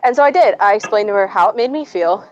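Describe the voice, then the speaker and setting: Woman, casual storytelling, animated and profane, dry dull recording. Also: medium pitch, no echo. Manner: animated, profane, quick to act out quotes. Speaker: podcast co-host.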